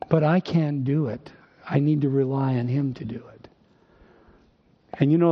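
An older male pastor from northern Minnesota, preaching emphatically with rhetorical questions and dry humor. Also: sits high. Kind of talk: sermon. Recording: dull recording with long hall reverb.

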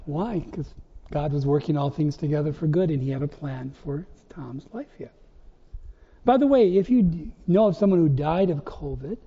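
A man preaches a sermon with a high-pitched, mellow voice, pressing his listeners with question after question. The recording is muffled and lo-fi, with a long reverb tail from a church sanctuary. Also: moderate pace, husky. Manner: preaching with rhetorical questions and emphatic rises. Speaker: pastor.

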